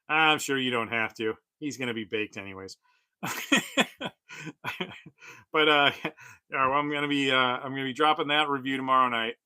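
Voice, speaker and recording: Forties male streamer, loose rambling chat with plenty of "uh"s and chuckles, bright, forward voice, dry close sound. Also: mid-range voice, a little slow, long pauses, clear, resonant tone, no echo. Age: 40s. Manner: rambling, chuckling, many fillers. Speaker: toy collector streamer. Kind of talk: casual livestream chat.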